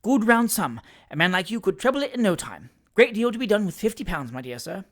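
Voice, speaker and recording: Heard first is a fussy little attorney who keeps soothing and wheedling, as a reader puts him on for an audiobook. His pitch swoops up and down with lively ease. He is an ingratiating, bustling man of the law. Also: brisk, natural voice. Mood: coaxing. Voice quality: soothing, wheedling, keeps repeating "my dear sir". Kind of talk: audiobook character reading.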